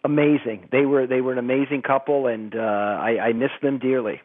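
A middle-aged man talking as a guest in conversation, halting and restarting as he recalls things. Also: mid-range voice, steady tone. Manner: halting, with many restarts and laughs. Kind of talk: conversational interview. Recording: tinny phone line.

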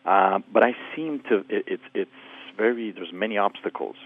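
A man's voice: fairly low pitch, normal speed. A man calling a radio show, speaking hesitantly and searching for his words. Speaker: caller. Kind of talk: phone call to a radio show. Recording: tinny phone line.

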